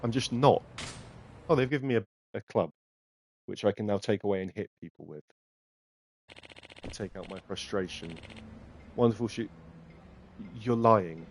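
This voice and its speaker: A man's voice: fairly low pitch, moderate pace, pauses often, a little hiss or hum. A man giving casual, self-mocking, sarcastic commentary while streaming a game.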